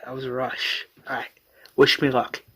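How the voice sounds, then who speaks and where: A man's voice: mid-range voice, level tone, normal speed, pushed and bright, slightly rough. A man voicing a friendly young woman who is out with her friends.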